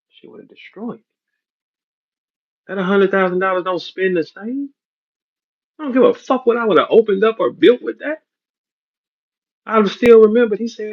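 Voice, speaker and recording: A man's voice: high voice, normal speed, long pauses. Blunt, profane man with dull audio. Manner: blunt, profane, street slang. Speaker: battle rap league owner. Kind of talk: heated podcast rant.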